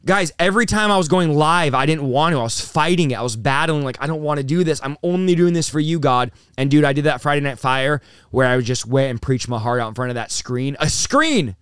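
Pastor guest, thirties, male: animated and fast-talking, slightly high, smooth clear voice, dry close sound. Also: no echo. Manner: animated, rapid-fire, says bro and dude. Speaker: pastor and revivalist, interview guest. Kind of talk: excited conversational storytelling.

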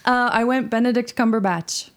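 A woman's voice: a little high, fairly even intonation, moderate pace. A woman joining a casual podcast chat, cheerful and chatty. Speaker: podcast panelist.

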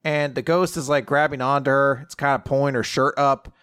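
A man's voice: mid-range voice, steady tone, a little fast, a bit bright, smooth. A man in casual chat, animatedly recapping a story, laughing often and acting out quoted lines.

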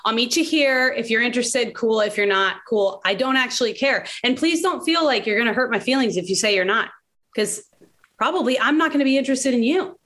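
A woman in her late thirties telling a personal story in candid conversation, animated and laughing often. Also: fairly high pitch, fairly quick. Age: late 30s. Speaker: podcast guest.

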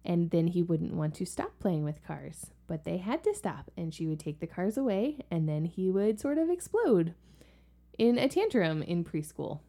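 A woman's voice: lowish voice, big pitch swings, normal speed, warm tone. A woman co-hosting a podcast and telling family stories in a casual, chatty way, with lots of likes and ums. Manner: chatty, filler-heavy, many likes and ums. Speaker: podcast co-host and parent. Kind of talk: casual conversational storytelling.

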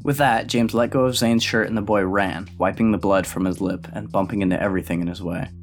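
A man reading a novel aloud in a steady, even narrating voice. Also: on the low side, fairly quick, soft background music. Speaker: audiobook reader.

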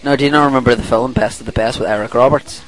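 A man's voice: mid-range voice, fairly even intonation, racing, soft background music, poor audio. A middle-aged man hosting a podcast in casual chat, reading a listener's email aloud and laughing often as he rambles and corrects himself. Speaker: podcast host.

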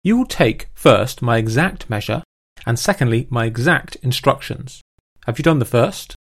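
A man voicing a haughty young dandy who gives crisp, precise orders in a read-aloud period scene. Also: mid-range voice, animated, normal speed. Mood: imperious.

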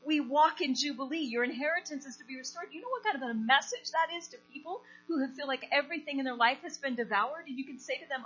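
A woman delivers a sermon, moving between a story and questions to her listeners. Her voice sits fairly high and comes across bright and forceful. The recording is dull and lo-fi, with a steady mains hum underneath. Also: brisk, few pauses. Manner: animated storytelling, asks the congregation questions. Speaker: preacher.

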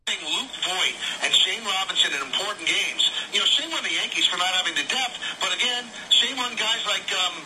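A high-voiced man scolds in the preachy tone of a sports radio host. He comes through a noisy radio clip played back, with hiss under the voice. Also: animated, normal speed, few pauses.

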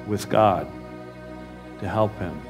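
A man's voice: on the low side, slow pace, a little mellow, faint music behind. A man preaching a sermon in an earnest, pleading and emotional way.

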